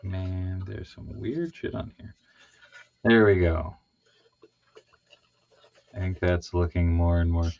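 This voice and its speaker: A man's voice: low voice, steady tone, slow, vocal fry, pauses often, faint music behind. A man hosting a livestream while customizing figures, chatting casually, joking, swearing and laughing often. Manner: jokey, swears, laughs often, does silly voices. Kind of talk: casual chat while working. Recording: dull lo-fi stream audio.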